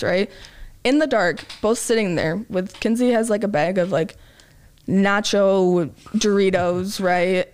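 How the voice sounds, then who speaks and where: A woman's voice: mid-range voice, darkish tone, clear, resonant tone. A young woman co-hosting a podcast, telling a story in a chatty way, full of "like" and acted-out quotes. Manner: chatty, lots of "like", acts out quotes. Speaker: podcast co-host. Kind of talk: casual storytelling chat.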